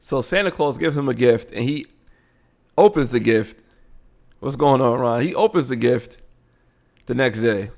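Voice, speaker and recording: A man talks through a video in loose, blunt live commentary. His pitch jumps around a lot as he reacts. He keeps an unscripted, conversational flow. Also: unhurried, pauses often. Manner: animated, blunt, frequent laughing asides. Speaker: host of a live commentary show.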